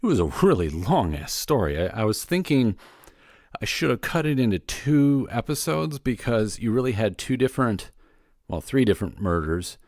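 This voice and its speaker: A man's voice: medium pitch, very animated, normal speed, a little mellow, no room sound, clean studio sound. A man hosting his own podcast, giving a casual, rambling solo update with plenty of fillers and restarts. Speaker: podcast host.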